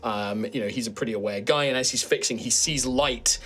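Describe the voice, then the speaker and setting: A man's voice: mid-range voice, a little fast, fairly bright tone. Man narrating as game master. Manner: rambling descriptive narration with many fillers. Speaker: dungeon master.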